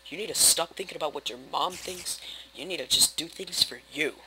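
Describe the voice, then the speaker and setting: A young man rambling through casual, self-mocking commentary while playing a building game, with sudden loud outbursts. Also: on the high side, a little fast, very noisy. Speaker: gaming video host. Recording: game music playing behind. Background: game music.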